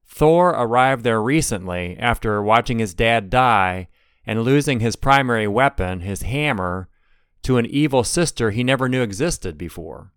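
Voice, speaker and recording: Clear-voiced male devotional podcast host. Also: mid-range voice, expressive, moderate pace, fairly bright tone, no echo, studio quality. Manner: earnest, explanatory.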